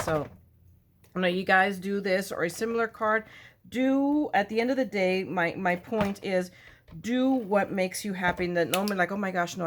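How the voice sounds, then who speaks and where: A woman hosting a card-making tutorial in casual, rambling chat, loud and full of self-joking asides. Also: fairly low pitch. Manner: loud talker.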